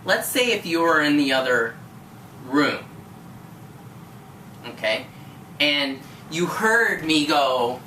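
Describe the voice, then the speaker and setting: A woman's voice: deep voice, big pitch swings, takes it slowly, pauses often, pushed and bright. A woman teacher, patient and encouraging, tutoring a student one-on-one with many questions. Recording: echoey room from far off, faint noise.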